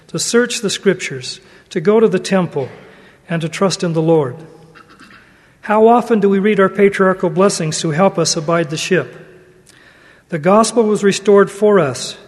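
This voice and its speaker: A man gives an earnest sermon, his voice notably high for a man and his delivery measured. Each phrase trails off into the long reverb of a large hall. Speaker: religious speaker. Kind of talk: sermon with read-aloud story.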